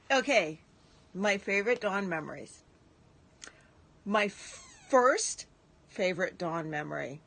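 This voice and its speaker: A woman's voice: medium pitch, fairly bright tone. A woman giving a casual, gushing tribute message and swearing freely.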